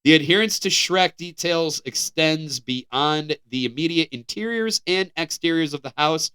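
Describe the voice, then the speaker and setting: American male co-host, fairly high and crisp, animated headline reader with easy laughs. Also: measured pace. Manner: animated, laughing, stumbling restarts while reading. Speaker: podcast co-host. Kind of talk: casual podcast chat, reading headlines.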